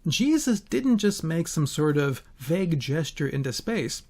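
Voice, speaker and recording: A man's voice: on the high side, sing-song, measured pace, a little mellow. A man giving a Bible teaching, telling the story expressively and asking rhetorical questions.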